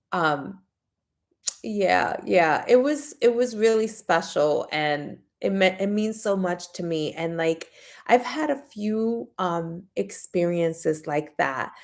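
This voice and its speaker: A woman hosting a casual livestream, chatting warmly and reading viewer comments aloud. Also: lowish voice, vocal fry. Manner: frequent fillers and restarts. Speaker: livestream host.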